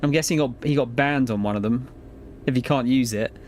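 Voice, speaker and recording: A man's voice: mid-range voice, brisk, darkish tone, slight background noise. A man chatting casually to viewers during a live game stream, rambling and laid-back with frequent swearing and laughter. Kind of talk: casual live-stream chat while gaming.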